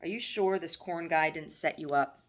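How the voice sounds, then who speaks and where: A woman's voice: low-pitched, normal speed, background noise, lightly acted. A woman voicing a middle-aged mother who frets and scolds in a fussy, motherly way. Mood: worried.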